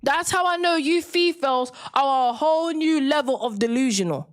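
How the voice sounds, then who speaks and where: A woman's voice: high voice, normal speed. A woman hosting a live-stream debate, talking in a combative, mocking, lecturing way to her viewers. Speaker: livestream debate host. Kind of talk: confrontational live-stream rant.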